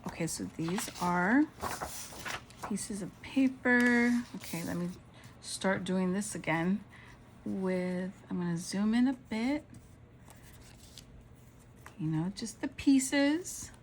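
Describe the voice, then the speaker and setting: A woman's voice: mid-range voice, lively intonation, slow pace, long pauses, a little hiss or hum, poor audio. A woman vlogger narrating a casual show-and-tell of craft supplies, gushing and exclaiming over each item.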